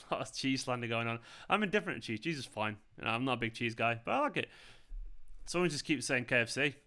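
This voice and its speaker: Mancunian male stream host, bright clear tone, loose and chatty with his viewers. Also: medium pitch, expressive, fast talker. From England. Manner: chatty, rambling, reads out chat comments. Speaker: fan channel host. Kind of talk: casual live watchalong chat. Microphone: earphones with mic.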